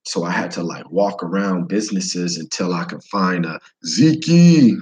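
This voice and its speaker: A man's voice: low-pitched, expressive, unhurried, hardly any pauses, darkish tone, poor audio. A man from the United States casually telling a travel story, slangy, profane and rambling.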